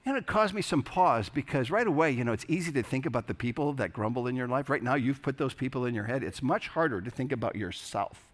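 A man giving a sermon as a pastor, animated and conversational, acting out voices as he preaches. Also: mid-range voice, fast, hardly any pauses. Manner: animated, acts out grumbling voices.

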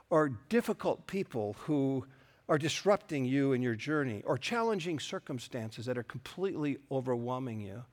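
A middle-aged man preaching a sermon, earnest and storytelling, with touches of self-deprecating humor. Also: fairly high pitch. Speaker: pastor.

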